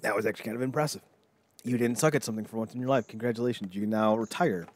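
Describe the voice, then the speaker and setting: A man's voice: fairly low pitch, very fast. A man co-hosting a podcast, rambling in casual banter and slipping into silly impressions. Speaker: podcast co-host.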